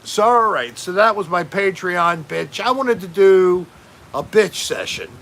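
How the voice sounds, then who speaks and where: Slow-talking, bright-voiced male livestream host. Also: sits high, lively intonation. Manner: rambling and joking, reads out chat names. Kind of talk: casual livestream chat.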